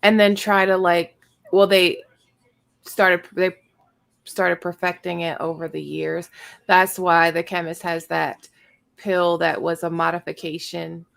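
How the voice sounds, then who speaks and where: A woman's voice: lowish voice, level tone, unhurried, gravelly, a bit bright. A woman co-hosting a casual live after-show chat, firing off questions and restarting her thoughts often. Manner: tumbling questions, stops and restarts mid-thought. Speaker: co-host.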